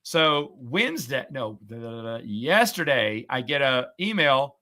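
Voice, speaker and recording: With a mid-range voice and a measured pace, this middle-aged man hosts a podcast in easygoing conversation. He's sarcastic and chatty, and he livens up whenever he recounts a story.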